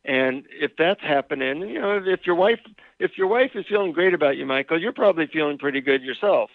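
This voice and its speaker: A man, an author and marriage and family therapist, telling relaxed anecdotes as a guest in an interview. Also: fairly high pitch, brisk, creaky, dry recording. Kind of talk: interview with storytelling. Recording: tinny phone line.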